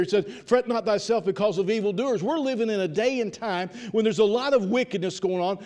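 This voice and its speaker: During an evening sermon, a man with a high but darkish voice preaches fervently and insistently to his congregation. He drives his points home by repeating lines and often restarts phrases mid-thought.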